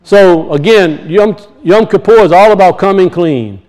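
A man with a high-pitched voice preaching a sermon. He speaks emphatically, repeats his key points, and calls out to his congregation for a response. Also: unhurried, a little mellow, poor audio. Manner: emphatic and repetitive, calling out to the congregation.

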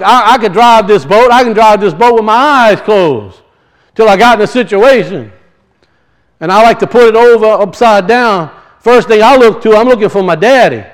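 A man teaches scripture in a loose, conversational way. His voice sits high, and he builds into emphatic, preacherly passages. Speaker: Bible teacher. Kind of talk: sermon-style Bible teaching.

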